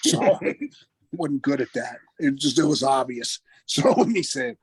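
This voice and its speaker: An older man, a former wrestler, telling a story in an interview in an animated, anecdotal way, acting out the voices of the people he quotes and chuckling often. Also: medium pitch, takes it slowly, breathy edge, no room sound, rough recording. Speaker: retired wrestler guest.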